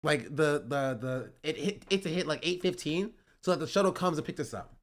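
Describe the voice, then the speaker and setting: A man's voice: on the high side, lively intonation, fairly quick. A man streaming, telling a travel story in rambling casual chat and checking in with "right?" as he goes. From United States. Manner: rambling, keeps asking "right?" and "you know?".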